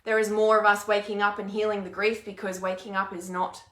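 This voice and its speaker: She talks a little fast with hardly any pauses, her medium-pitched voice flat in delivery and fairly bright, the sound roomy. As an intuitive healer and mentor on a casual live stream, she reads viewer comments and answers bluntly, swearing freely and ranting through emphatic repetition.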